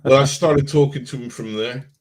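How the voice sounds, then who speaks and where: A man's voice: mid-range voice, moderate pace. A man co-hosting a casual podcast chat, hesitant and repeating words as he starts his sentences. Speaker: podcast co-host.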